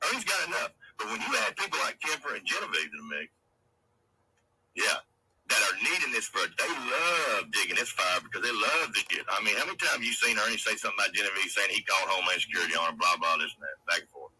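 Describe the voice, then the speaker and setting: Furious, bright-voiced man ranting. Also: lowish voice, very animated, quick pace, a little hiss or hum, rough recording. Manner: profane, confrontational, taunting. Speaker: livestream host. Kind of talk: angry livestream rant.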